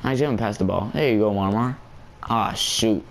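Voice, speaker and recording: A man's voice: on the low side, moderate pace, creaky, a little hiss or hum. A young man casually commenting on his basketball game for viewers, laughing often and talking in slang. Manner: giggly, excitable, slangy. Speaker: gameplay YouTuber.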